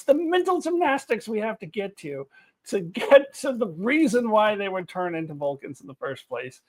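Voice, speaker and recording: A woman reviewing TV episodes to camera, ranting in an exasperated, animated way with frequent laughter and swearing. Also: mid-range voice, normal speed. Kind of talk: unscripted review rant to camera.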